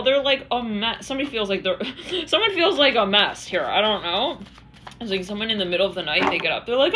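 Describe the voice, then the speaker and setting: A woman's voice: a little high, sing-song, fast talker, sharp tone, slight background noise. A woman giving a channeled tarot reading, rambling in a stream-of-consciousness way and acting out the voices she quotes. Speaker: tarot reader.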